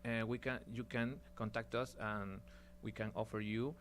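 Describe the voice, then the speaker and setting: Halting, low-voiced male guest musician. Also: level tone, a bit bright, a little hiss or hum. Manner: halting, searching for words. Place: radio studio.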